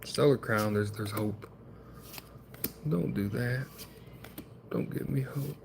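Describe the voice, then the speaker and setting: A man's voice: fairly low pitch, slow pace, creaky, noisy background. A man streaming himself opening trading card packs, chatting in a rambling, wry, self-deprecating way.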